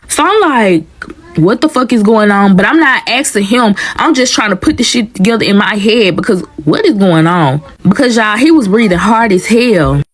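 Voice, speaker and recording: A young woman telling a story casually and animatedly, often addressing the viewers as y'all. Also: mid-range voice.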